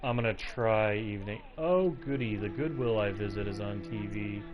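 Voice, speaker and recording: A man's voice: lowish voice, moderate pace, muffled recording, over music. Chatty man streaming a game at home. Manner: chatty, rambling, breaks off to coo at his pet. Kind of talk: casual live gameplay commentary. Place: at home with his cat. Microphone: personal mic close to him.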